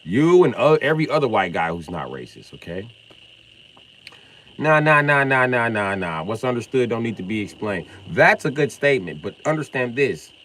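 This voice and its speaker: A middle-aged man from Illinois ranting on a live stream, confrontational and profane, swinging from loud outbursts to mock calm. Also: medium pitch, moderate pace, rough recording. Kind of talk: heated live-stream rant.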